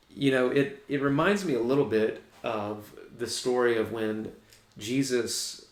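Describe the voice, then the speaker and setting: Man preaching a sermon, thoughtful and chatty, gravelly voice, roomy echo. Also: medium pitch. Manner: reflective, conversational preaching with restarts. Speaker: pastor. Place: church. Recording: echoey room.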